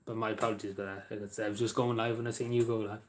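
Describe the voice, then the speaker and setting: A man with an Irish accent chatting casually with viewers on a live stream, halting and rambling with many fillers, often apologizing. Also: fairly low pitch, flat delivery.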